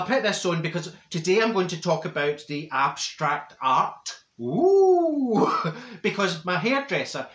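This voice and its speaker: A man's voice: high voice, pushed and bright. A man voicing a chatty, straight-talking middle-aged Glasgow woman with a broad Glaswegian accent, telling a comic story bluntly and laughing often. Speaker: comedy character monologue. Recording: roomy echo.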